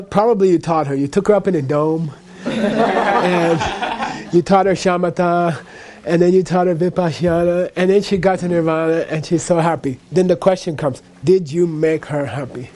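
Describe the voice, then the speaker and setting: High-voiced man teaching Buddhism. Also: measured pace, a little mellow. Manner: conversational, frequent "okay?" and "you know". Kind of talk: teaching a class.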